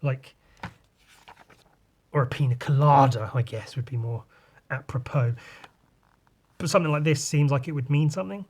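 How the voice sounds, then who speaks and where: Podcast host, male, chatty and profane, voice a touch rough, mid-range pitch. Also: normal speed, pauses often, a little mellow. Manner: loose, sweary and rambling, with sighs and asides. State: voice a bit rough today. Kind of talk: casual comic walkthrough.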